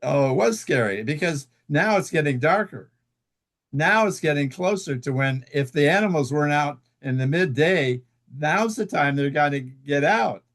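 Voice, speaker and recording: A man telling a long personal story as an interview guest, halting, with many fillers and restarts. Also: a little high, lively intonation, fairly bright tone. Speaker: guest author.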